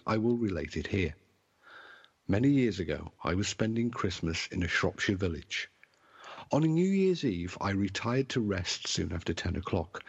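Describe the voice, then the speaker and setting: A man's voice: on the low side, slightly rough, lo-fi sound. A man co-hosting a show, reading an old ghost account aloud in a theatrical style. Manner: theatrical reading in a put-on posh tone. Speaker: podcast co-host. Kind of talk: casual chat and reading aloud.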